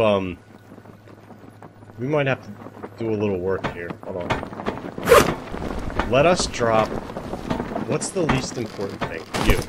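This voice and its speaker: A young man livestreaming a survival game, chatting to his viewers with animated, self-mocking commentary, swearing and laughing as he goes. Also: medium pitch, noisy background. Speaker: streamer. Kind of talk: live-streamed gameplay commentary.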